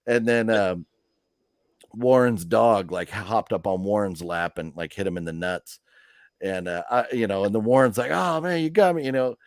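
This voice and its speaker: A man with a lowish voice hosts a live movie news stream, rambling through stories in a chatty, casual way packed with fillers. He speaks at a moderate pace, and the clean studio recording has no room sound.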